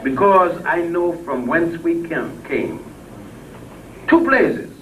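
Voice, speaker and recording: A man's voice: big pitch swings, slow pace. Fiery older man speaking from afar. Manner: emphatic and preachy, swinging between loud peaks and low murmurs; salty, blunt, with chuckles in the telling. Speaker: public speaker. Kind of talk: impassioned speech to a crowd. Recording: distant mic with faint background noise.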